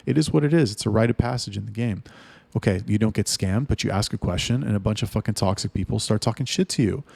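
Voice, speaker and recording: A man giving blunt, heavily profane advice in a ranting monologue. His pitch jumps up to hit his points. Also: quick pace, gravelly, no echo. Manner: lively, rising in pitch for emphasis. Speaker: OnlyFans agency owner giving advice.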